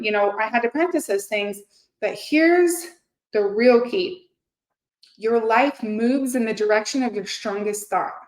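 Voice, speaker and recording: A woman in her thirties speaks straight to her viewers in an earnest, chatty way, full of little fillers and restarts. Her voice sits a bit high. The room around her gives it a noticeable echo. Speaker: host. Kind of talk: casual motivational talk to camera. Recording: echoey room.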